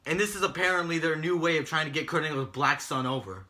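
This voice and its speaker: A man with a very bright, slightly high-pitched voice rants on a casual talk show. He sounds exasperated and mocking, and he swears freely. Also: fast. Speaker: podcast co-host recapping wrestling. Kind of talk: casual profane rant.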